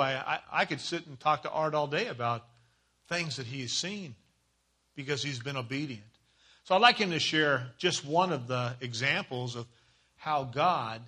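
A man's voice: mid-range voice, sharp tone. A man at a church service introducing a missionary speaker in an admiring way.

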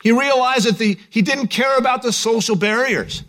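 A man's voice: very high-pitched, normal speed, fairly bright tone. A man preaching a sermon in a conversational, joking storytelling way. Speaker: pastor.

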